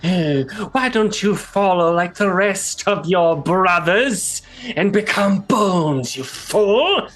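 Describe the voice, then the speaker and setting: A man's voice: sits high, expressive, slow, fairly bright tone, faint music behind, voice pushed up, exaggerated voice. A man voicing an arrogant, evil male goblin wizard who calls himself king, speaking in a pompous, sneering way.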